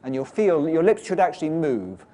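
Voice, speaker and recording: Male pronunciation teacher, explanatory lecture, dark warm voice. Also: fairly high pitch, animated, normal speed. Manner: explanatory, demonstrates sounds aloud.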